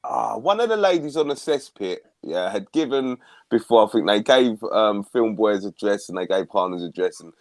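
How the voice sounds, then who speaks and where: A man's voice: lowish voice, animated, normal speed, no echo. Chatty man telling a story. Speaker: live stream guest. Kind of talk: casual chat.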